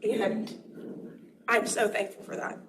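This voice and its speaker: A young woman in student government giving a heartfelt, tearful farewell speech at a meeting, laughing between lines. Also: takes it slowly. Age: young adult. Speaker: student government vice president. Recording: noisy room recording.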